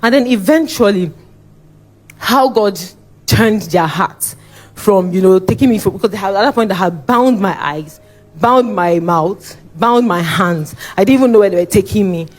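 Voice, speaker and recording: A young woman with a Nigerian accent delivers a spoken testimony before a church. She tells it in an animated way, her pitch leaping as she acts out her own cries and pleas. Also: normal speed, faint music behind. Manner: animated, re-enacts her own shouting and pleading. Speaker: church member giving testimony.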